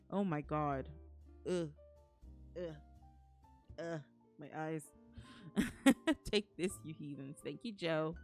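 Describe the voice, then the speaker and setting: A woman's voice: low voice, takes it slowly, pauses often, a little mellow, soft background music. A woman streamer chatting casually with her viewers, playful and teasing, putting on mock anger and laughing often. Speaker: streamer reading to chat.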